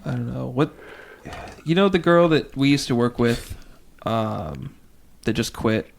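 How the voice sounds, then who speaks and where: Young male co-host from the western US, mid-pitched with some gravel, relaxed and hesitant. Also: unhurried. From western United States. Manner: easygoing, laughs often, hesitant. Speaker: podcast co-host. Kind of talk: casual chat.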